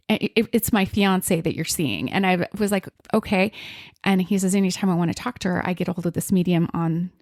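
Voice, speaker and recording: A woman's voice: mid-range voice, no room sound, studio quality. A middle-aged woman hosting a podcast, telling a story expressively and acting out the quotes. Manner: expressive, acts out quotes, frequent fillers. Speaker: podcast host, medium. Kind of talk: storytelling in casual chat.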